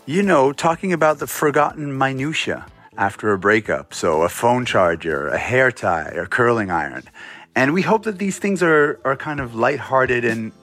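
A man in his forties, a musician from Montreal, explaining his band's music in a relaxed, casual interview. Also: medium pitch. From Montreal, Canada. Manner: relaxed, explanatory, with frequent fillers. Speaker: musician guest.

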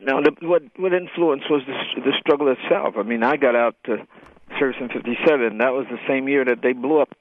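A man's voice: mid-range voice, no echo. Older man on a tinny phone line. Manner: halting, many fillers and restarts. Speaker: guest, writer. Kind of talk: radio interview.

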